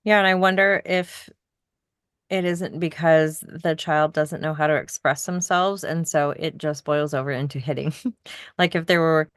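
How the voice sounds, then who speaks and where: A middle-aged woman co-hosting a podcast, telling a story in casual chat with soft laughs. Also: low voice, steady tone, unhurried, smooth, no echo, studio quality. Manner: reflective, storytelling, laughs softly between points. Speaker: podcast co-host.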